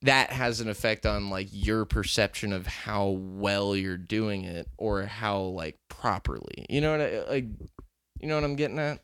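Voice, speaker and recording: This co-host's voice sits on the low side, a bit bright, clear and resonant, at a moderate pace. During a casual podcast chat he tells a loose, rambling story packed with fillers, and the clean studio recording has no room sound.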